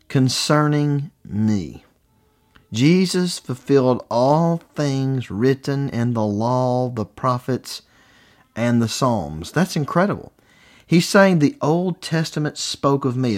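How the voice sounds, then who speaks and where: A man preaching a sermon, reading scripture with deliberate, emphatic pauses. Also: mid-range voice.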